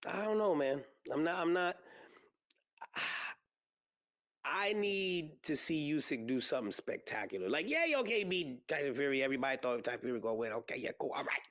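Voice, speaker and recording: A man hosting a podcast, chatting casually and rambling with lots of fillers and excited exclamations. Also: on the high side, moderate pace. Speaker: podcast host. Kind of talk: casual solo podcast chat about combat sports. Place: podcast studio.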